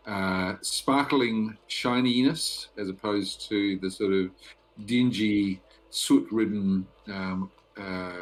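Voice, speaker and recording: A man narrating as game master for a tabletop game, halting with many fillers and pauses. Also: lowish voice.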